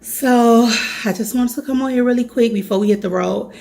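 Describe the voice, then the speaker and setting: A woman's voice: a little high, a little fast, gravelly, dark tone, a little hiss or hum. A woman in her thirties with a Chicago accent, chatting earnestly to her viewers in a casual vlog. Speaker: vlogger.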